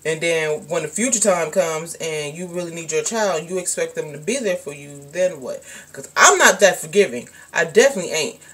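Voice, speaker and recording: Blunt young woman vlogging, lowish voice. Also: animated, moderate pace, slight background noise. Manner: blunt and frank, swears freely, many fillers; slangy, colloquial speech. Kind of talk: casual storytime vlog.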